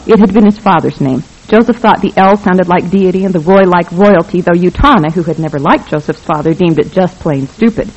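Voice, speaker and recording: A narrator reads a novel aloud with a wry, even delivery at a middle pitch. The recording is dull and lo-fi. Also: brisk, hardly any pauses. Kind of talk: scripted audiobook narration.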